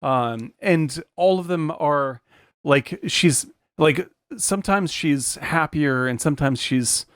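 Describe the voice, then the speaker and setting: A man's voice: a little high, slow pace, a bit bright, clear, resonant tone, no echo. Guy on a movie podcast, rambly, keeps restarting his sentences, dry close mic. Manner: searching for words, many restarts and fillers. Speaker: podcast co-host. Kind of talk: casual film discussion.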